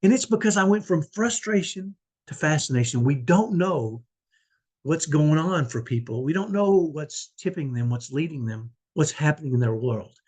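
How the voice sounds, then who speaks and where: A man's voice: fairly high pitch, expressive, moderate pace, a little mellow, husky. A man talking about his life as a parent, telling a personal story in a conversational way and often tagging his sentences with "right?". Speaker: parent vlogger.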